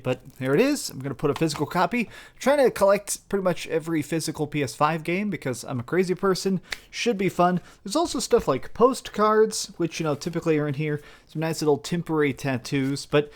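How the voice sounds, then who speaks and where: A young man hosting a game review and unboxing vlog, talking with gushing, animated enthusiasm. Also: on the high side. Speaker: game reviewer and channel host.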